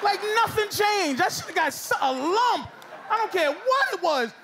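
A man doing a loud, animated stand-up set, jumping into shouted put-on voices. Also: very high-pitched, normal speed, creaky. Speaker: stand-up comedian. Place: comedy club stage before a laughing crowd. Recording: live club recording, loud crowd and noise. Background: audience laughter.

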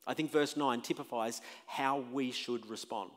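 A pastor gives a sermon at normal speed in a church sanctuary, his words carried by a long, ringing reverb. His voice is mid-pitched and alternates between forceful, emphatic statements and soft, probing questions to the people in the pews.

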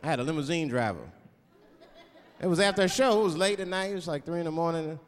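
A man performing stand-up comedy on stage, animated and slipping into voices. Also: on the high side, fast talker. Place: comedy stage before audience. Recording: live hall with loud crowd.

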